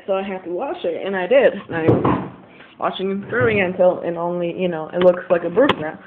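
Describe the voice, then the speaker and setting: High-voiced teen guy venting on a tinny webcam. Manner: rambling, venting, frustrated. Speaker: vlogger. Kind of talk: casual confessional vlog. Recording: tinny lo-fi webcam audio, faint hiss.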